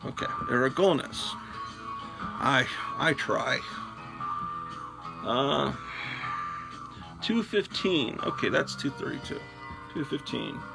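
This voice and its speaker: A man's voice: medium pitch, sing-song, takes it slowly, long pauses, rough recording. An older man hosting a casual solo chat, rambling and self-deprecating as he sorts through things, recorded on a phone. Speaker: host. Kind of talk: casual solo chat while sorting comics. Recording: music clearly playing behind. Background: music.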